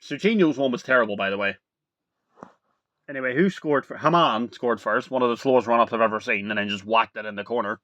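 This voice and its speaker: A young man talking casually to camera as a video reviewer, rambling and excitable, full of "like" and "literally". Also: medium pitch, fast, no room sound, highs cut off.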